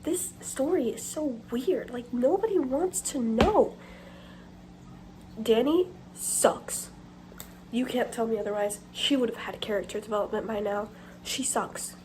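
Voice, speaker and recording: A teenage girl with a somewhat high voice records a casual book vlog on her phone. She is candid and dramatic, going from hushed whispers to loud griping. Faint background noise sits under the recording. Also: normal speed. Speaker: book vlogger. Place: bathroom.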